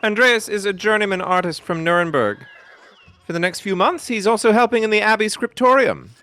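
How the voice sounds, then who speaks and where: A man's voice: high voice, brisk, sharp tone. A man voicing an earnest, formal monk in a live voice-over of game dialogue. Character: earnest male monk, a middle-aged abbey priest.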